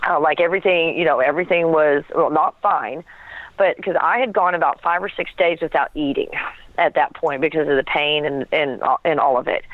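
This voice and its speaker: A woman's voice: sits low, no room sound. Woman telling her story over a phone line. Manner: animated storytelling with laughs and acted quotes. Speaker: guest.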